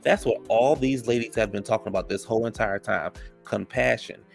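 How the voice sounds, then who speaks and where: Sassy gravelly-voiced man recapping gossip. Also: fairly low pitch, fairly quick, soft background music. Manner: sassy, gossipy, uses "child" and "honey". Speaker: reality TV recap host. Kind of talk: casual episode recap commentary.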